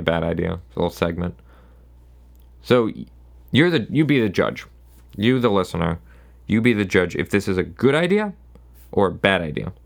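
A man's voice: low-pitched, creaky. A man hosting his own solo podcast, rambling casually and sarcastically, often restarting his sentences. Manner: rambling, sarcastic, self-interrupting. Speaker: podcast host.

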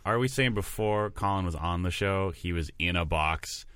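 A man's voice: sits low, moderate pace, fairly bright tone, smooth, dry recording. A man co-hosting a comedy podcast, making dry, wry remarks. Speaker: podcast co-host. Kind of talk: casual comedic chat.

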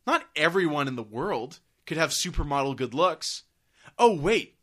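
A man's voice: a little high, sing-song, normal speed, fairly bright tone. A man co-hosting a podcast, talking with sarcastic, profane banter and frequent laughter. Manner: sarcastic, swearing, laughs often. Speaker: podcast co-host.

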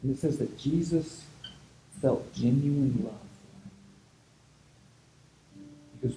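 A man's voice: mid-range voice, slow, pauses often, dark tone, roomy sound, faint music behind, poor audio. A man preaching a casual sermon as a pastor, retelling scripture in an easygoing, conversational way.

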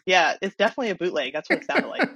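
A woman's voice: fairly low pitch, very animated, very fast, a bit bright, husky, no room sound. A woman on a casual movie podcast who adds dry quips and laughs often. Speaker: podcast co-host.

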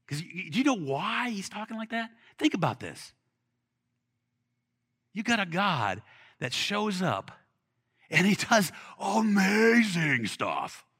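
A man preaching a sermon in an animated, conversational way, with bursts of excitement. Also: sits high, a little slow, pauses often, breathy edge. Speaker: pastor.

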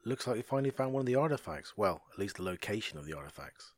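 A man's voice: on the low side, very animated, very fast, dry recording, studio quality. A man playing a tabletop game who also hosts the show, speaking in an easygoing, informal way. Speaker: player and show host.

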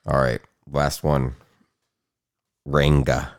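A middle-aged man with a low, deep voice hosts a loose podcast conversation. His delivery swings widely in pitch, and he talks in a crude, joking way, breaking into laughter often. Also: sing-song, normal speed. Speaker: podcast host. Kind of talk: casual chat.

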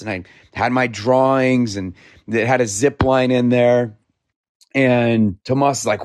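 Chatty man from Idaho, mid pitch, dry close sound, an easy storyteller. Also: moderate pace, no room sound. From Idaho, United States. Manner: talkative, animated, laughs often. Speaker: interviewee, founder. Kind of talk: conversational storytelling.

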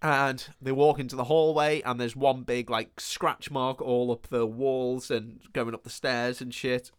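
A man's voice: medium pitch, little pitch movement, measured pace, clean tone. A man co-hosting a casual podcast, retelling a film scene by scene with plenty of swearing and laughter. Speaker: podcast co-host. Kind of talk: casual film-recap chat.

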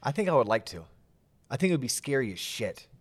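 Joking, animated male podcast host. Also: mid-range voice, fast talker. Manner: animated, joking, self-deprecating. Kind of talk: casual interview chat.

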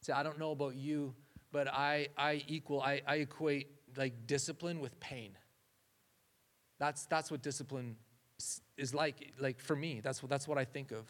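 A man's voice: medium pitch, steady tone, moderate pace, a bit bright. A man giving a conversational sermon, often restarting phrases and saying "like". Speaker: preacher.

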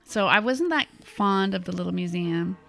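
A woman's voice: on the low side, moderate pace, gravelly, fairly bright tone, soft background music. A middle-aged woman co-hosting a podcast, telling a travel story in a rambling, chatty way and laughing often. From United States. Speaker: podcast co-host. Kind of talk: casual chat, travel storytelling.

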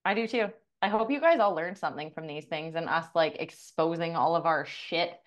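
Speaking at a normal speed in a low voice, a middle-aged podcast co-host and coach recounts something from her own life. She's bluntly candid and profane, performing the dialogue as she goes.

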